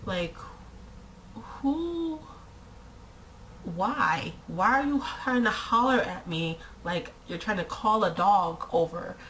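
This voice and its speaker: A young adult woman chatting casually to camera as a vlogger, exasperated and animated, with lots of rhetorical questions and frequent "like" fillers. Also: fairly low pitch, a little slow, hardly any pauses, a little hiss or hum, rough recording.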